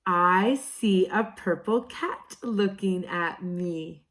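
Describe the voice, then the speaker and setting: A woman kindergarten teacher reading picture books aloud to young children, with a slow, sing-song, exaggerated storybook delivery and playful asides. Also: on the low side, fairly bright tone.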